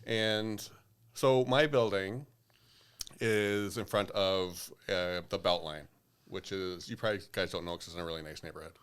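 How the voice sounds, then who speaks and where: A man co-hosting a podcast, telling a story in a loose, profane, animated way. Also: sits low, normal speed, smooth. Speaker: podcast co-host. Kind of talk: casual storytelling chat.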